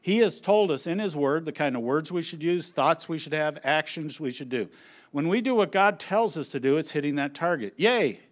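Animated, higher-voiced man presenting on stage. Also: normal speed. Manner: animated storyteller who acts out his family's lines. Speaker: conference speaker on children's ministry. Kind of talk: humorous presentation to an audience. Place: on a stage at a conference.

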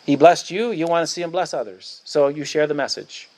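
A man's voice: a little high, lively intonation, fairly quick, darkish tone. A male pastor preaching a sermon outdoors at a church picnic, emphatic and declamatory, hammering points through repetition.

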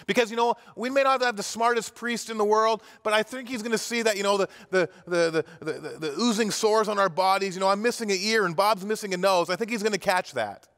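A man's voice: sits high, quick pace, hardly any pauses, a bit bright, big-room sound. A pastor telling a sermon story vividly, acting out the characters' cries and often restarting his words. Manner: vivid retelling with acted-out cries and frequent restarts. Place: church.

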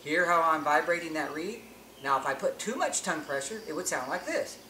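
Brisk and animated, with a sharp tone and a voice that's a little high, a man explains how to call elk in a hunting-call tutorial. His delivery is plain-spoken and instructional, with many restarted phrases, recorded in an echoey space with faint ambient noise.

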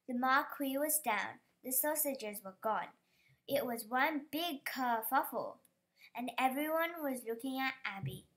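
A woman's voice: high-pitched, expressive, a little slow, a bit bright. A woman reading a children's picture book aloud, careful and stumbling over some words. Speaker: storybook reader.

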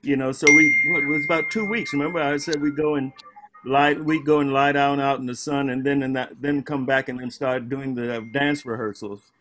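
An older man reminisces in a loose, animated way, circling back on phrases and filling pauses. His voice sits at an ordinary middle pitch and carries a storyteller's relish. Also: soft background music. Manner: animated storyteller, repeats words, many fillers. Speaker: former film cast member. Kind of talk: casual reminiscing on a video call.

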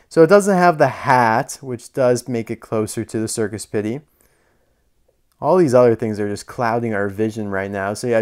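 A man's voice: medium pitch, a little mellow, clear, resonant tone. A young man casually reviewing a collectible toy car, chatty and rambling, enthusiastic about small details.

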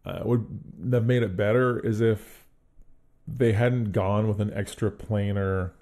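Male podcast co-host, low gravelly register, relaxed and mellow, casual review chat full of restarts. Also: unhurried. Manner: thinks aloud with many restarts and hedges.

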